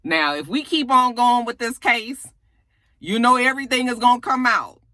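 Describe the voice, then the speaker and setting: A woman's voice: on the high side, expressive, normal speed, bright, forceful tone, no echo, voice pushed up. A woman voicing a stern female lawyer who bluntly lectures her client in a streetwise way.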